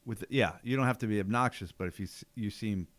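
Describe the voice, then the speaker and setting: A man co-hosting a podcast in casual chat, with a relaxed, deadpan way of telling stories. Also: on the low side, fast talker, no echo. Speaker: podcast co-host.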